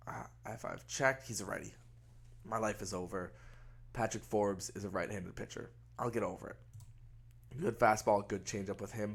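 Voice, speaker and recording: A young man with a nasal, stuffed-up voice from a cold, casually commentating a baseball management game with rambling, wry asides. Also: fairly low pitch. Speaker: gaming video host.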